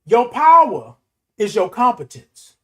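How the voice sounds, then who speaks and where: High-voiced man preaching motivation. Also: sing-song, takes it slowly, pushed and bright. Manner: emphatic, repetitive preaching cadence. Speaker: host. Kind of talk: motivational talk.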